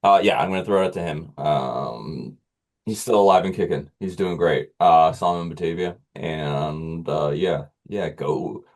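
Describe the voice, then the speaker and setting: A man co-hosting a casual podcast, teasing the others and pausing often with ums. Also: rumbling low. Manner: teasing, hesitant with many ums. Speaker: podcast co-host. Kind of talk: casual chat.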